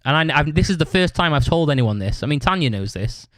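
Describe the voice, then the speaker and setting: A man's voice: fairly high pitch, expressive, fast talker, a bit bright, dry recording. Sweary, rambling man telling a story. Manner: rambling, swears constantly, tags lines with "right?". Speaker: podcast host. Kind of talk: casual storytelling monologue.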